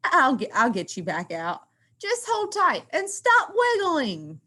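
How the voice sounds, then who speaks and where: A woman reading aloud and voicing a gentle, eager male elephant. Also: fairly high pitch, very animated, takes it slowly, full character voice. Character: gentle male elephant posing as Easter bunny.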